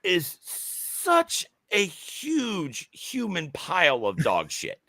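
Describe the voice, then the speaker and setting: A man co-hosting a podcast, talking excitedly in casual chat with many restarts and halting phrases. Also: high voice, no room sound, studio quality. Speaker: podcast co-host.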